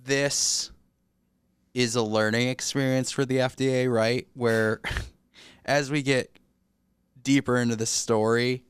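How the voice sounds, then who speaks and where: A man's voice: mid-range voice, steady tone, slow, pauses often, clear, resonant tone, no room sound. A man co-hosting a podcast in casual chat, sardonic and a little hesitant, on a close mic. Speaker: podcast co-host.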